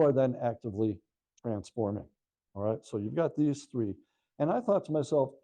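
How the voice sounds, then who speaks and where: A man's voice: mid-range voice, very animated, normal speed, warm tone, low-quality recording. An older man giving a lecture about his book to a live audience, telling stories with chatty asides to the listeners. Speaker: author giving a book talk.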